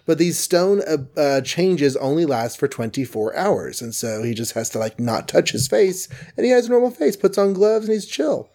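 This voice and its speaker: A man casually recapping a comic book story in an animated, rambling way. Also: on the high side, moderate pace, few pauses.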